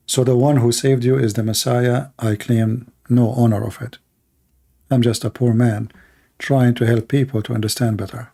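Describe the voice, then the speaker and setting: A man hosting a livestream, preaching in short emphatic phrases, his voice worn and going hoarse. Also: mid-range voice, level tone, moderate pace, dark tone. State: losing his voice. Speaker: livestream host. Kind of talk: impassioned preaching monologue.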